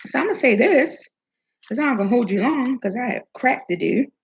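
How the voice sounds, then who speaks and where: A woman with a gravelly, husky voice gives chatty, preachy advice about self-worth, tossing in the odd swear word. She sometimes talks around food in her mouth, and the recording sounds a bit dull and lo-fi. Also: a little high, animated, brisk. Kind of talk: casual motivational talk.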